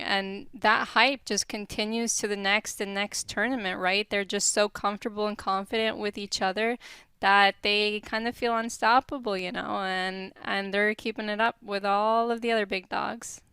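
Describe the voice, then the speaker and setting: A woman's voice: mid-range voice, steady tone, normal speed, pushed and bright, clear, resonant tone, no echo. A woman giving casual analyst commentary on an esports match, friendly and chatty with frequent fillers.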